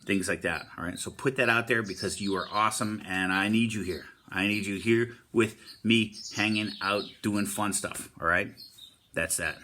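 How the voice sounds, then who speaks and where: A man's voice: lowish voice, normal speed, sharp tone, slight background noise. A man giving a casual, upbeat motivational talk, repeating himself often and using surfer slang like "stoked.". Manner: upbeat, encouraging, repetitive. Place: Hawaii.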